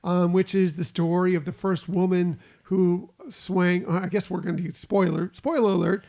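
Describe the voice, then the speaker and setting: A man with a high voice and a gravelly rasp chats on a podcast. He rambles in a relaxed way and fills pauses with ums and uhs. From Florida. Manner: relaxed, rambling, many fillers. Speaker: podcast co-host. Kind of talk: casual podcast chat.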